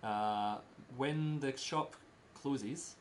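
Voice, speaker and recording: A Scottish man giving a casual talk to a small group, in simple slow words and laughing often. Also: medium pitch, a little hiss or hum. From Scotland. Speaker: presenter giving a talk about Scotland.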